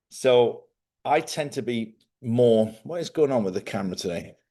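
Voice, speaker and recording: A man hosting a live stream, chatting casually and rambling as he thinks out loud. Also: medium pitch, expressive, normal speed. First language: English.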